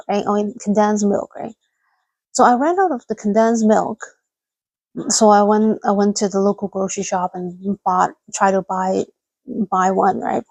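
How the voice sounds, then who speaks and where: A woman's voice: mid-range voice, fairly even intonation, unhurried, darkish tone, dry recording, rough recording. A woman hosting a casual livestream chat, rambling and laughing often as she reads out viewers' messages. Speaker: livestream host.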